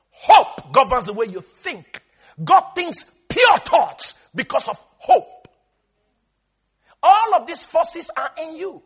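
A man preaching a sermon with emphatic call-and-response exhortation, swinging between shouts and quiet asides. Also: very high voice, breathy edge.

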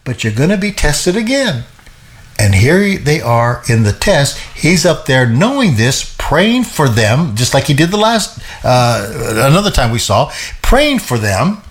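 A man co-hosting a show, teaching and explaining a Bible passage in a lively way, often repeating himself and laughing. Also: mid-range voice, a little slow, few pauses.

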